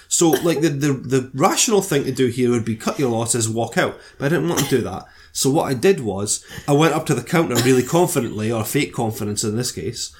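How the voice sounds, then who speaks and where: A middle-aged man from Scotland with a Scottish accent, telling a story in casual, self-mocking, sweary podcast chat. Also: mid-range voice. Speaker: podcast co-host.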